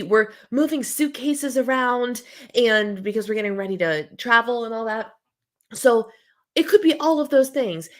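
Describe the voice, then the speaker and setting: A woman in her thirties hosting a casual live-stream chat from home, with a scratchy throat, chatty as she reads out viewer comments and answers them. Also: on the high side. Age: 30s. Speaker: host.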